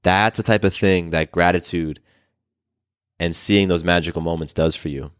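A man in a podcast monologue coaches listeners on stress and growth. His voice sits fairly low and earnest, and he leans on repetition to drive points home. The sound is close and dry, with no room around it. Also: steady tone, moderate pace, clear, resonant tone, dry recording. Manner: earnest, coaching, repeats key phrases. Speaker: podcast host.

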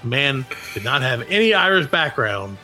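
A man's voice: medium pitch, sing-song, normal speed, pushed and bright, faint music behind. A man co-hosting a podcast, recapping a news story in casual comedic chat with goofy asides. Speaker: podcast co-host.

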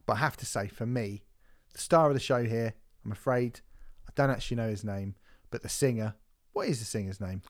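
A man's voice: medium pitch, a little fast. Sweary, enthusiastic man. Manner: enthusiastic, sweary, trailing restarts. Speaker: podcast co-host reviewing an album. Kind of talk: casual music review chat.

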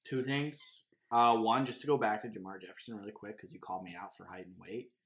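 A man's voice: on the low side, steady tone, fast. A man co-hosting a casual sports talk show, arguing his points and hedging with filler words. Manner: argumentative, hedging with "like". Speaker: podcast co-host.

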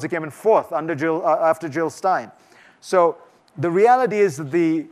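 A man giving a conversational, emphatic festival talk and taking audience questions, often restarting his sentences. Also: fairly high pitch. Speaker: guest speaker. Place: lecture hall before an audience.

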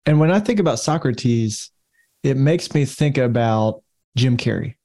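Mellow-voiced man telling a story. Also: mid-range voice, measured pace. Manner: storytelling, animated retelling of a movie scene. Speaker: panel guest. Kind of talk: casual panel discussion.

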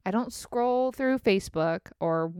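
A woman with a smooth, clear voice rants frankly into the mic, sprinkling in swear words and laughing at herself between run-on thoughts. Her tone is self-mocking and unfiltered. The sound is dry and close, with no room around it. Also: mid-range voice, expressive, measured pace, darkish tone, no echo. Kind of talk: candid personal rant.

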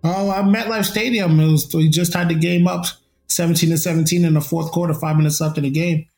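A man's voice: on the high side, fairly even intonation, brisk, darkish tone, soft background music. A young man, a former college football player, telling his story in an interview in an upbeat, reflective way.

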